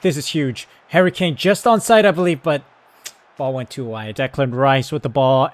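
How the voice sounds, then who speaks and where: A man giving excited live commentary on his football management game, yelling at his players, then calmly talking through tactics. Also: mid-range voice. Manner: excitable, shouts at the team, then calm tactical talk. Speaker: gaming YouTuber.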